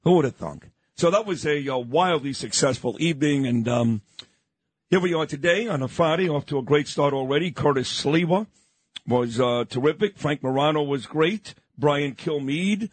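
A man's voice: on the high side, moderate pace, no room sound. An older man from New York hosting a morning radio show, telling a story in an emphatic, boastful way.

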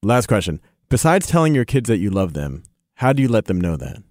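Joking podcast host, man's low gravelly voice. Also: big pitch swings, a little fast, a little mellow, dry recording, studio quality. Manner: joking, playful. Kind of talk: casual interview chat.

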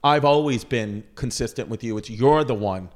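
A man's voice: mid-range voice, normal speed. Joking, teasing man on a podcast. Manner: joking, teasing, laughs often. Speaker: podcast host. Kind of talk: casual podcast chat.

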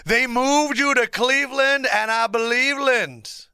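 Young man, podcast host, bright forceful voice, dry close sound, excitable theatrical delivery. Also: very high-pitched, a little slow, creaky, smooth, dry recording. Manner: excitable, theatrical, swings from shouting to mock gloom. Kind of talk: energetic solo podcast monologue. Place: podcast studio.

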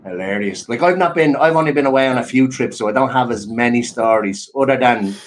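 A man telling a sweary, animated anecdote in casual podcast chat. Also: mid-range voice, fairly quick, a little hiss or hum.

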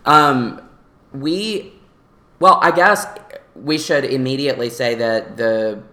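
A man's voice: mid-range voice, slow pace, bright, forceful tone, roomy sound. A man with a Southern US accent, a magazine editor talking earnestly in a casual podcast chat. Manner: earnest, rambling with fillers.

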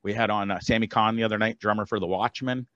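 A man's voice: lowish voice, fairly even intonation, fast, a bit bright, no room sound, highs cut off. A man as a podcast guest, chatting in a friendly, upbeat way. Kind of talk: casual podcast chat.

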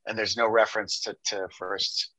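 A man's voice: lowish voice, level tone, normal speed, pushed and bright, rough recording. A man, a film director, chatting loosely as a guest on a podcast, joking and restarting his sentences. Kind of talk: casual interview chat.

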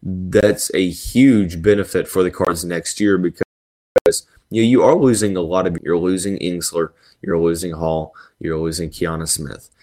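A man's voice: low voice, steady tone, unhurried, darkish tone. A man hosting a solo sports podcast, talking through basketball news in a rambling way with lots of fillers and restarts. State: yawning and sneezing.

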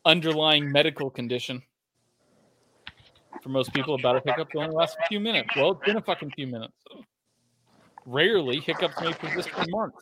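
A man's voice: on the high side, brisk, long pauses, noisy background. A man co-hosting a casual podcast from his garage, rambling and swearing casually as he trails off and restarts. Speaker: podcast co-host. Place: home garage.

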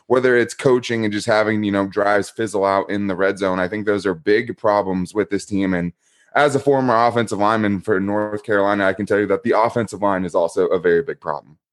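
A man's voice: lowish voice, fairly even intonation, fairly quick, lightly acted. A man playing an analytical male football coach candidate who lays out points methodically. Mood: serious.

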